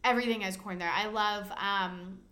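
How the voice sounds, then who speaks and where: Bright-voiced young woman, enthusiastic casual chat. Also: medium pitch, fairly even intonation, normal speed. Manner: enthusiastic, swears freely, lots of fillers.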